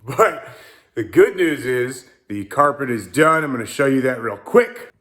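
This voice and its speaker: A man's voice: medium pitch, expressive, moderate pace, pushed and bright. A young man vlogging about his car build in his garage, rambling and poking fun at himself as he talks to a phone. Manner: joking, self-mocking, rambling. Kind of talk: casual garage vlog.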